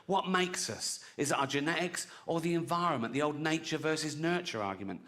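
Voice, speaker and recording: A man's voice: fairly high pitch, brisk, a bit bright. A man performing stand-up comedy, brash and punchy, often chuckling at his own jokes.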